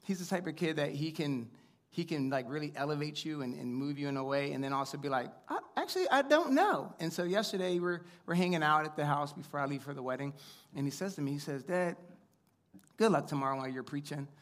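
A man in his thirties preaches in a church, his voice sitting a bit on the high side. He talks in a chatty, upbeat way, full of fillers and friendly asides to the congregation. He is heard through a stage microphone. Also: fast, fairly bright tone. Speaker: guest preacher. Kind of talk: sermon with casual storytelling. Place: church sanctuary before a congregation.

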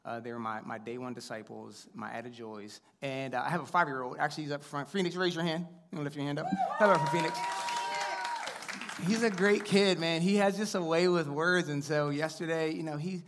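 A thirties-aged guest preacher delivers a sermon from a church stage to his congregation, his voice high-leaning, brisk and slightly bright with fairly even intonation. He's chatty and upbeat, spinning stories packed with fillers and asides to the crowd, and there's a touch of background noise.

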